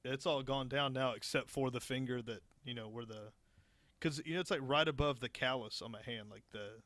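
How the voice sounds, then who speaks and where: A man's voice: medium pitch, a little fast, fairly bright tone, dry recording. A young man co-hosting a podcast, casually telling a work anecdote with lots of swearing and laughter. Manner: laid-back, profane, laughing through anecdotes. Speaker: podcast co-host. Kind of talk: casual storytelling chat.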